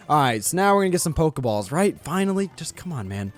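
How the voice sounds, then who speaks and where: A man giving casual, joking commentary while playing a video game, excitable and quick to laugh. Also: high-pitched, no echo, soft background music. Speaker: gaming channel host.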